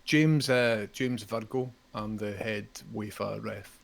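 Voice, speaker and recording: A man playing an officious, easily riled head referee, blustering and reading rules out loud. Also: fairly low pitch, slow pace, vocal fry.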